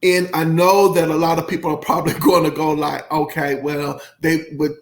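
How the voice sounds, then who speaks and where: A man's voice: on the high side, flat delivery, normal speed. A man giving a casual, effusive album review, rambling and emotional, with many fillers. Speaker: music reviewer.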